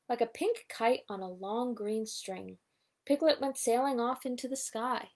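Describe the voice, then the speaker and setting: A woman's voice: on the high side, measured pace, a little mellow. A woman reading a children's storybook aloud, adding asides about the pictures. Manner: reads with asides pointing at pictures. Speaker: storybook reader. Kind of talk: bedtime story read-aloud.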